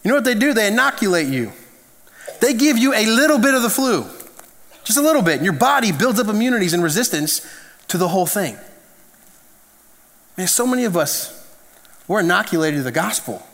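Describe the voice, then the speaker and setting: A man preaching in a loose, storytelling way, repeating words as he builds his point. His voice sits high for a man. A long reverb from the hall trails each phrase. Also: brisk, pauses often. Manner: animated, conversational storytelling with restarts. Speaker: pastor. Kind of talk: sermon.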